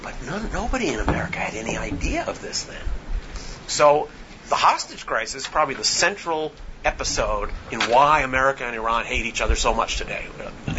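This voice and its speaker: A man with a bright, forceful voice recounts history to an audience in a loose lecture style. He pauses often, stumbling through ums and restarts as he goes. The recording sounds a little muffled, with a faint hiss underneath. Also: medium pitch. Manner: halting, with many ums and restarts. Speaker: author speaking on a panel.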